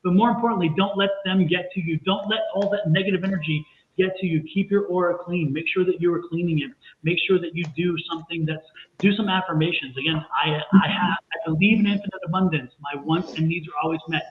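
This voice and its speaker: A man reassures a viewer during a streamed tarot reading, repeating himself earnestly. His voice sits a touch high and comes through a thin, phone-like call with a roomy echo. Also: steady tone, quick pace. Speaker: tarot and psychic reader. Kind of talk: live-streamed psychic reading. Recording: echoey, phone-like line with faint noise.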